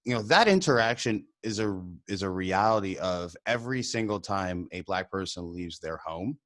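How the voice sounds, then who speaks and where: A man, an immigrant, co-hosting a podcast and telling a personal story in casual conversation, animated and often laughing. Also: low voice, normal speed. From immigrant to the country. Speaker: podcast co-host.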